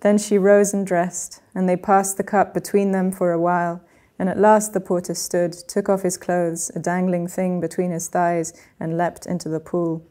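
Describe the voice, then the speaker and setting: A woman reading a translated old tale aloud at a university workshop, with a measured, even delivery. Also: lowish voice. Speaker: reader of her own translation.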